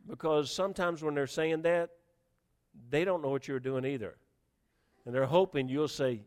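In a big hall with long reverb, a man with a fairly high voice preaches at normal speed. His sermon is animated and emphatic, marked by repetition and rising questions.

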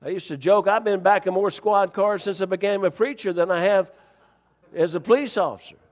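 High-voiced man preaching in a reverberant hall. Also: brisk. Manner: preaching storyteller, rising to near-shouts when reenacting. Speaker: pastor. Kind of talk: sermon.

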